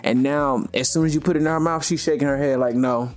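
A man's voice: fairly high pitch, fast talker. Laid-back man hosting a dads' chat. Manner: relaxed, rambling, full of "you know" fillers. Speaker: podcast host. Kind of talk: casual chat.

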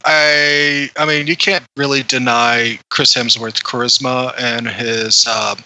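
Bright-voiced hesitant man reviewing films. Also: mid-range voice, rough recording. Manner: hesitant, many fillers. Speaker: podcast film reviewer. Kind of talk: casual chat.

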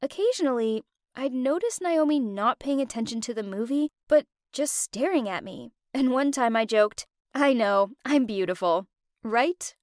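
A woman's voice: high voice, lively intonation, moderate pace, a little mellow, no echo, clean studio sound. A young woman narrating a dramatic first-person story in a confiding way.

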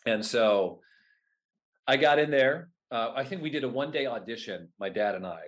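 A man's voice: mid-range voice, normal speed. Chatty man telling stories. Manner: animated, acts out his own past remarks. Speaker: guest, whip performer at renaissance fairs. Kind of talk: casual interview storytelling.

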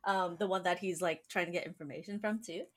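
A woman's voice: fairly low pitch, steady tone, fast talker. A woman hosting a podcast in casual chat, chatty and full of fillers, laughing often. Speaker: podcast host.

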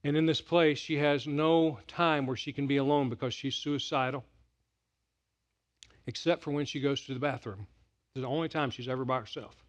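A middle-aged man preaching a sermon, telling stories with big swings from loud excitement to hushed quiet. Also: a little high, muffled recording. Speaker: pastor.

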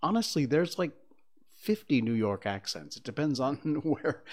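A man's voice: a little high, sing-song, unhurried, a little mellow. An older man from Connecticut hosting a talk show from a studio, drifting from topic to topic in a casual, opinionated monologue full of fillers. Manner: conversational, digressive, with many fillers.

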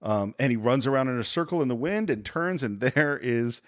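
Man, film podcast host, enthusiastic, laughs a lot, animated intonation, dry close sound. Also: medium pitch, moderate pace, dry recording. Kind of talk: casual film discussion.

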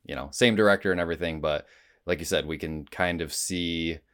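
A man's voice: deep voice, brisk, a bit bright, smooth. A man co-hosting a podcast, chatting in an easygoing, hesitant way. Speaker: podcast co-host. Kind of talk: casual chat.

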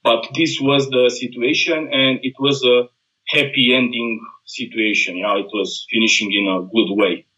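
Romanian-accented man, combat instructor, restarts often, bright forceful tone. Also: mid-range voice, fairly even intonation, dull audio. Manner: earnest, halting non-native phrasing with many restarts. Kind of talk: casual conversation.

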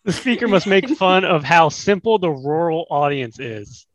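A game host calmly reading out prompts and cueing the players. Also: medium pitch, moderate pace, no room sound. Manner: calm, reads out prompts plainly. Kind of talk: hosting a party game.

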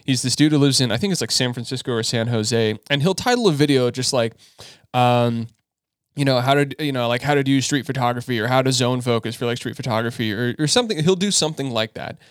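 A man's voice: medium pitch, fast talker, clear, resonant tone, no echo, clean studio sound. A man co-hosting a casual podcast, rambling with many restarts and some swearing. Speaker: podcast co-host.

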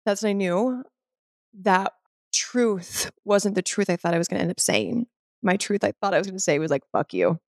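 A woman's voice: medium pitch, moderate pace, no echo, clean studio sound. A woman guest telling an earnest, spiritual personal story in conversation, full of "like" fillers. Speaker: podcast guest.

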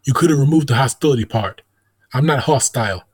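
A touchy, hot-tempered tough-guy actor, played by a man in a comedy sketch, always defensive and ready for a fight. The voice is husky and a little breathy, in a dry, close recording. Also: mid-range voice, quick pace, no room sound, close to an everyday voice.

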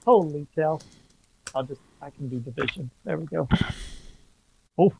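A man's voice: fairly high pitch, normal speed, creaky, slight background noise. Hesitant man running a tabletop game. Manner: hesitant, many fillers while describing scenes. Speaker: game master. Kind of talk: narrating a tabletop horror game.

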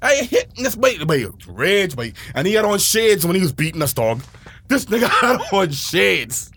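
Excitable high-voiced man telling a story. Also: moderate pace, breathy edge. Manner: excitable, slangy, shouts and laughs mid-story. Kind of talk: animated casual storytelling.

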